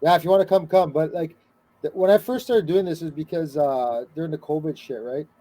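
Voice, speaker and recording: Man, podcast host, casual chat, swears, rapid delivery, dark mellow tone. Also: fairly high pitch.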